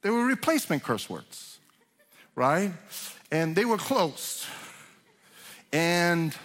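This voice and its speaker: A pastor delivers a sermon, his voice sitting a little high for a man. He talks loosely with restarts, then presses his points harder. The sound carries a long reverb from the hall around him. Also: sing-song, slow pace, fairly bright tone. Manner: conversational preaching with restarts, rising to emphatic. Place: church sanctuary.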